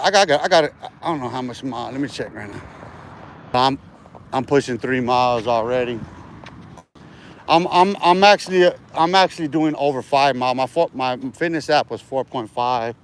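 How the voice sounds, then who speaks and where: A man livestreaming outdoors in a park while walking, talking casual street slang and boasting with profanity. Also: mid-range voice.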